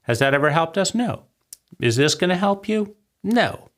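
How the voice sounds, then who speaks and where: A man's voice: high-pitched, animated, normal speed, fairly bright tone. A man in his forties giving a rambling, conversational monologue of advice, often checking in with "right?". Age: 40s. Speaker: vlogger. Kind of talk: reflective spoken monologue.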